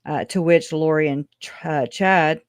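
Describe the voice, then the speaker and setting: A woman's voice: deep voice, a little slow, no room sound. Chatty, sarcastic woman livestream host. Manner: chatty and sarcastic, with frequent laughs; informal slang, says y'all. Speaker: true-crime livestream host. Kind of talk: casual commentary reading case notes.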